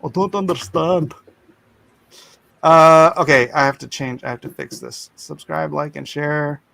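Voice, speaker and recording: A man hosting a casual livestream, chatting and reading viewer comments aloud in animated bursts. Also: a little high, normal speed, creaky, slight background noise. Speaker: livestream host.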